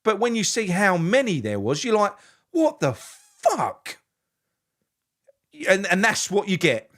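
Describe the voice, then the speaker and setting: Furious swearing football fan. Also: male voice, high-pitched, sing-song, fairly quick. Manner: ranting, heavy swearing, swings from shouting to muttering. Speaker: football fan channel host. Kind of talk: angry live match reaction.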